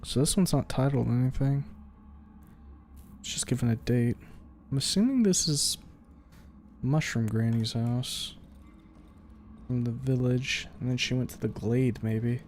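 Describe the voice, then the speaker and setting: Man, mid pitch, casual gameplay commentary, thinking out loud, faint background hum. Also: measured pace, long pauses. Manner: thinking aloud, casual, swears. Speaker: streamer.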